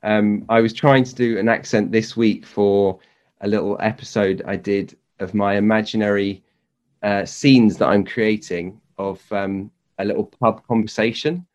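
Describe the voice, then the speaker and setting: A man with a Southern English accent hosting a podcast, talking in a relaxed, easygoing way. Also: fairly low pitch, measured pace, lo-fi sound. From Southern England. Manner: relaxed, easygoing, fillers and restarts. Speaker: podcast host. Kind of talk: casual conversation.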